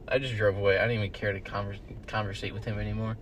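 A man's voice: on the low side, fairly even intonation, fast talker, slight background noise. Rambling, cursing young man telling stories. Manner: rambling storyteller, swears a lot, loud bursts when quoting. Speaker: podcast co-host. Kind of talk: casual chat. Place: in a car with friends.

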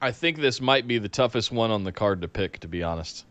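A man co-hosting a casual wrestling chat, answering in brief, measured replies. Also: lowish voice, animated, a bit bright, no echo. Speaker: podcast co-host.

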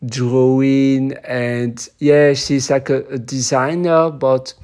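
A man co-hosting a podcast, hoarse, chatting casually and haltingly as he searches for words. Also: medium pitch, flat delivery, a little mellow. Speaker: podcast co-host. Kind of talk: casual chat.

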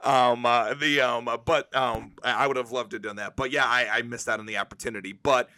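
A man's voice: medium pitch, steady tone, fairly quick, sharp tone, no echo. A man hosting a podcast in casual chat, full of fillers like "um" and "the, um", and swearing freely. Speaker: podcast host.

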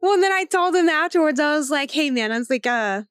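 A woman in her thirties co-hosting a podcast, telling stories in a lively way, swearing freely and laughing often. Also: high-pitched, fast talker, no room sound, studio quality. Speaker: podcast co-host. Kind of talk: casual chat.

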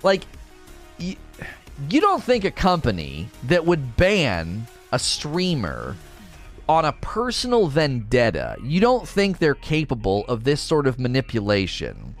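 A young man streaming, ranting indignantly in a casual, animated way, sometimes mocking others in quoted voices. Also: mid-range voice, a little slow, soft background music. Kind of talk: casual livestream rant.

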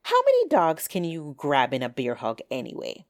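A woman voicing a wary, sharp-witted old hen who speaks in a dry, skeptical, teasing way. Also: low-pitched, huge pitch swings, normal speed, dry recording, voice pushed down.

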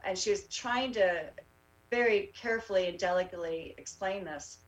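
A woman tells her story in a casual interview and keeps stopping on fillers and restarts. Her voice sits at a middle pitch. She sounds set back from the microphone. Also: recorded from a distance, low-quality recording. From Canada. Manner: halting, many fillers and restarts. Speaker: rally organizer.

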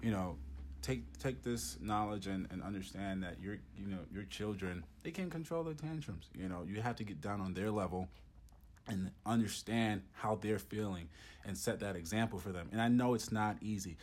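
A man with a fairly low voice co-hosting a relaxed conversation. He talks in an encouraging way and keeps his replies short and affirming. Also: normal speed, slight background noise. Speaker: podcast co-host. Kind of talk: casual chat.

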